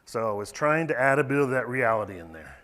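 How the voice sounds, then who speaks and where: A man's voice: mid-range voice, big pitch swings, fast, a bit bright. A man giving a conversational, emphatic floral design presentation from a stage. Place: large ballroom stage. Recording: reverberant ballroom sound.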